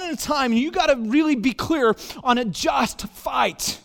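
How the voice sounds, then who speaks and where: A man preaching a sermon as a pastor, telling stories with animated acted-out dialogue and self-deprecating humor. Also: very high voice, unhurried, vocal fry. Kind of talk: storytelling sermon. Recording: long hall reverb.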